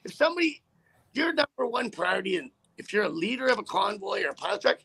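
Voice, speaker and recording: High gravelly trucker man, cursing. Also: big pitch swings, fast talker, fairly bright tone. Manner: profane, rambling, heated. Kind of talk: casual storytelling in an interview.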